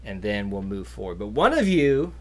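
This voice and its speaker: A man's voice: on the low side, sing-song, moderate pace. A man hosting a live trivia stream in casual chat, rambling onto tangents. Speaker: trivia host.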